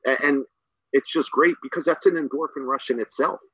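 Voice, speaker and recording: A middle school teacher and coach rambles enthusiastically as a guest on a casual podcast, using lots of fillers. His medium-pitched voice is sharp, slightly rough, and a little fast, with no echo and a dull, dry recording.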